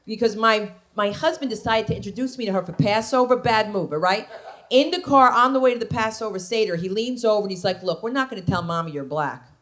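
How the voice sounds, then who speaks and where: A woman's voice: fairly high pitch, fairly quick, fairly bright tone, a little hiss or hum. A woman comedian doing stand-up, telling stories brashly and with animation.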